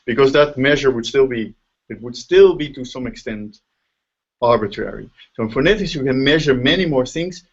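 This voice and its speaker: Dutch-accented professor on a dull video call. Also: male voice, mid-range voice, lively intonation, normal speed, breathy edge. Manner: explains step by step, often checks in with "right?". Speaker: linguistics professor. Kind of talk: casual lecture over a video call.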